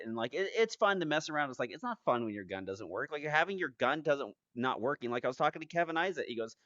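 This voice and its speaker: A man hosting a podcast, telling stories in a rambling, animated way with many restarts. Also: a little high, a little fast, no room sound. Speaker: podcast host. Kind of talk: casual chat. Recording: dry, dull lo-fi podcast audio.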